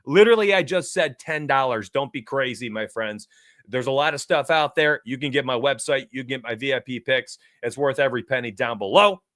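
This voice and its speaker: An excitable man hosting a live sports betting show, talking straight to his chat with lots of hype. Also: medium pitch, fairly quick, no room sound, studio quality. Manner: excitable, hype-driven, addresses chat directly. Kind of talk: energetic live-stream betting talk.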